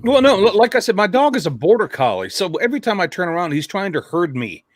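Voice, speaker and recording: Brief: male podcast host, lively swooping delivery, close and dry. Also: high voice, fast talker, dry recording. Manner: animated storyteller, cussing, joking. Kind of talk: casual chat. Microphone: remote call mic.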